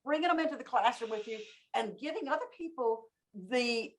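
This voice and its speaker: A woman guest on a podcast, talking in a lively, storytelling way. Her voice sits a little high and swings widely in pitch as she acts out examples with emphasis. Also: brisk. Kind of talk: casual interview chat.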